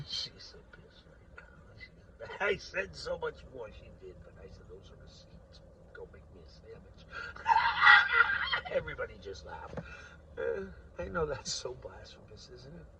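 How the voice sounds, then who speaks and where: A middle-aged man in a rambling, profane political monologue, laughing often and swinging between loud rants and muttering. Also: medium pitch, big pitch swings, normal speed, recorded from a distance, noisy background. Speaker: vlogger.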